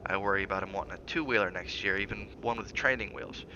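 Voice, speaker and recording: Man playing an anxious young wife, pleading, low voice, faint hiss. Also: quick pace, muffled recording. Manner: urgent, rising when pleading, hushed when soft.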